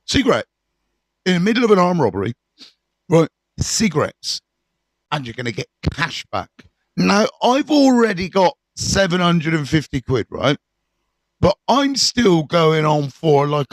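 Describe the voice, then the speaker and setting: A man's voice: a little high, very animated, a little slow, dry recording. A middle-aged English man, a recovery mentor, telling his story in casual, candid talk with slang and swearing.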